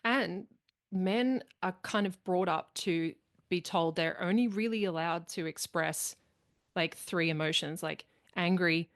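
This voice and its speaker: Woman podcast host, calm and agreeable, lowish voice, dry close sound. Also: a little slow, no room sound. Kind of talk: casual podcast chat.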